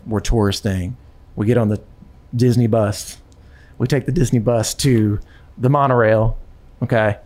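A man in casual conversation, telling a personal story in an animated way with frequent restarts and repetitions. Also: mid-range voice.

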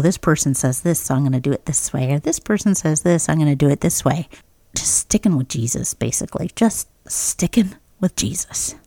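A woman's voice: sits low, mellow, no room sound, studio quality. A young adult woman hosting a faith podcast, talking casually and earnestly with lots of "like" and "you know.". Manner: conversational, earnest, uses "like" a lot.

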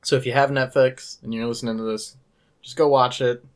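A man hosting a laid-back podcast, recapping a show in an easygoing, mid-pitched voice. He keeps it lively, dropping into quick voices for the characters as he retells each scene. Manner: animated retelling, mimics characters' lines. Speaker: podcast host. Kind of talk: casual chat recapping a musical.

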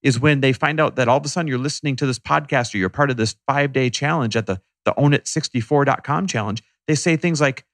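A man co-hosting a personal finance podcast, talking in an energetic, emphatic, motivational way. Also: mid-range voice, fast talker, few pauses, no echo, clean studio sound. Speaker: podcast co-host. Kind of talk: casual podcast chat.

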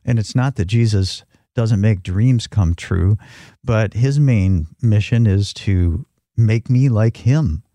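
A man's voice: lowish voice, slow pace, mellow, no room sound. A male host speaking earnestly in a reflective devotional talk and prayer.

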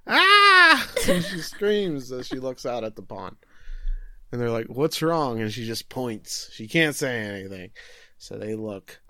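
A young man with an expressive mid-range voice co-hosts a podcast, casually recapping an anime episode. Joking along, he acts out the characters' lines in quick voices, and the recording is dry.

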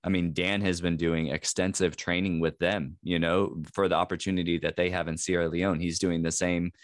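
Low-voiced earnest man, halting podcast talk. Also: level tone, no room sound, studio quality. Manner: hesitant, with many fillers and restarts, earnest. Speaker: podcast co-host. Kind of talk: casual podcast chat.

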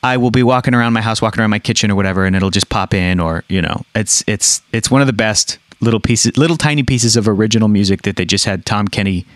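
A man's voice: on the low side, fast, hardly any pauses, no echo. A man co-hosting a podcast in casual, enthusiastic chat. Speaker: podcast co-host.

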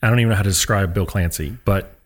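A man talks quickly, his voice sitting a little low. He tells stories in a casual interview, slipping into the voices of the people he quotes. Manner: animated storyteller who acts out quotes. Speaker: guest, former college pitcher. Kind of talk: casual storytelling.

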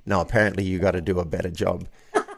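A man's voice: deep voice, fairly even intonation, fast talker, creaky. A man sharing a personal story in a casual conversation as a guest, earnest and prone to restarting his sentences. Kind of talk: casual chat.

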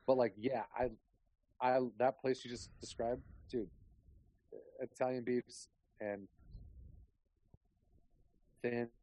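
A man's voice: medium pitch, steady tone, slow, long pauses, dark tone. A man hosting a podcast over a remote call, rambling through stories in a casual chat and swearing freely. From Chicago area. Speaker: podcast host.

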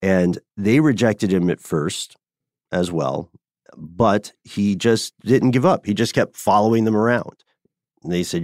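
A man's voice: on the low side, a little slow, a little mellow, no echo, clean studio sound. A man co-hosting a podcast, telling a history story in a conversational, playful way. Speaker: podcast co-host. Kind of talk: casual chat.

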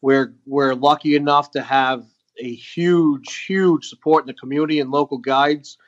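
Earnest halting man, muffled sound. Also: fairly high pitch, fairly even intonation, no room sound. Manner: earnest, halting, many fillers. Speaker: guest, veteran nonprofit founder. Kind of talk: storytelling in a podcast interview.

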